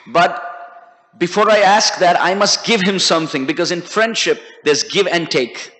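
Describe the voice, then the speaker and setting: A man's voice: high-pitched, normal speed, pushed and bright, pitched below the performer's own voice. A man voicing Sudama, a humble and timid poor man who speaks hesitantly, in a reverberant hall. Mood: earnest.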